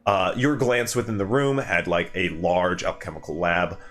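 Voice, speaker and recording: A man narrating as game master of a tabletop game, with many pauses and fillers. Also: sits low, steady tone, a bit bright.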